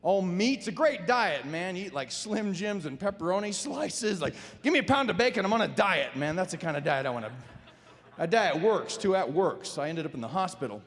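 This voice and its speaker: A man doing a stand-up comedy set on a theater stage, landing wry deadpan punchlines. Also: sits high, normal speed. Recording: live hall reverb, faint ambience.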